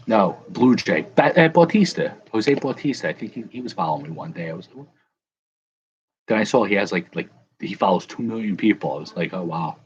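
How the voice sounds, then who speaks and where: A man's voice: fairly low pitch, expressive, brisk, dull audio, a little hiss or hum. A man hosting a casual live chat, rambling and correcting himself as he answers viewers. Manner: rambling, self-correcting, chuckling. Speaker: livestream host.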